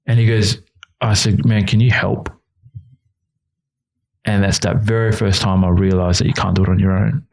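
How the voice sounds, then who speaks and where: A very deep-voiced man in his thirties shares his own hard times as an interview guest. He talks earnestly and openly, with feeling behind it. He often slips into the voices of the people in his story. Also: steady tone, brisk, creaky, a little mellow. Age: 30s. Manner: earnest, emotional, quotes others in his stories. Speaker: youth worker and guest. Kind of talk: candid personal storytelling.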